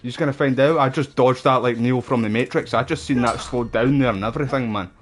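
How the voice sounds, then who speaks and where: A man comments on his game with loud, profane, excitable banter. His voice sits at a middle pitch. A faint hiss runs under the stream audio. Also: a little fast. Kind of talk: casual gameplay commentary.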